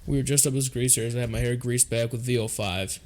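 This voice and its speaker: A man's voice: medium pitch, steady tone, brisk, a little mellow. Crude, laughing man in his twenties. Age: 20s. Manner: crude, laughing, interjects short reactions. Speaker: podcast co-host. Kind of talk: casual banter.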